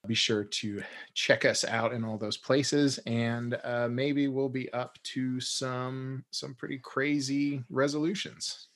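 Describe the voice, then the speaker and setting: A man's voice: medium pitch, fairly even intonation, slow, fairly bright tone. A man co-hosts a casual podcast and talks straight to listeners in an upbeat, friendly way. His delivery is plain and conversational. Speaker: podcast co-host.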